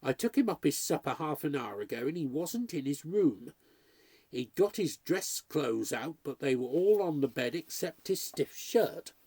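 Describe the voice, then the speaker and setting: A man's voice: a little high, very animated, normal speed, a little mellow, slightly rough, no echo, full character voice. A man playing a worried old butler. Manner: grumbling, confidential. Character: old-fashioned male butler, worried and gossipy.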